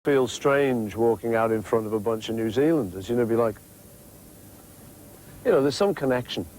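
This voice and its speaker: A man's voice: mid-range voice, animated, normal speed, darkish tone, rough recording. A man in his fifties with a Liverpool accent talks through an interview at an easy, rambling clip, tossing in playful asides. A faint hiss sits under the voice. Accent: Liverpool English. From England. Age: 50s. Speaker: interviewee, musician. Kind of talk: relaxed interview chat.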